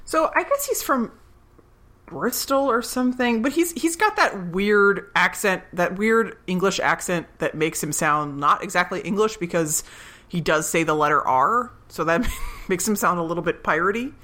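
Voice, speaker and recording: A woman's voice: fairly low pitch, expressive, normal speed, fairly bright tone. A woman in her forties co-hosting a podcast, chatting casually about a TV episode, laughing often and trailing off into asides. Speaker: podcast co-host. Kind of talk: casual chat recapping a TV episode.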